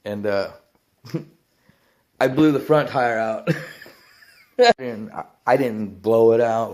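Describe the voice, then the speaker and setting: A man telling a rambling biker story in casual talk, swearing often and laughing between lines. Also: fairly low pitch.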